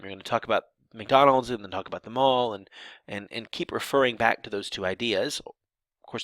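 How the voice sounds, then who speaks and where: Man, sign language teacher, lecture, bright tone, lower voice, dry close sound. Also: gravelly, dry recording. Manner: explanatory, restarts and "um" fillers, acted example sentences. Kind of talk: lecture explaining grammar.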